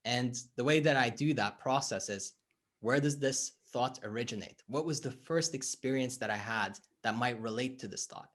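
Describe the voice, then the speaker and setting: With a mid-range voice at an ordinary speed, a man who works as a life coach explains his thinking in an interview conversation. He's animated, voicing little exchanges as he tells his stories.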